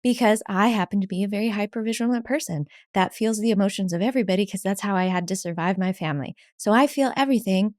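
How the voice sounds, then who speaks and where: A woman therapist as a podcast guest, speaking candidly and with energy, quoting people in lively voices. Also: medium pitch, no echo, studio quality. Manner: candid and lively, quick bursts, laughs, acts out quotes. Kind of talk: casual conversation.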